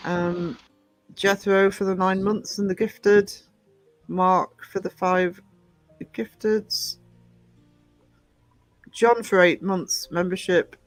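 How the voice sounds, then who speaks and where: A man's voice: sits high, flat delivery, slow pace, long pauses, faint music behind, poor audio. A man co-hosting a casual livestream chat, blunt and joking, who swears freely. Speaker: livestream co-host.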